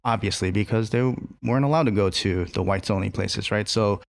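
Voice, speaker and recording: Rambling low-voiced chef, casual. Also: male voice, brisk, creaky, no echo. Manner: rambling, many fillers, casual swearing. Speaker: chef and restaurant co-owner. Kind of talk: casual interview conversation.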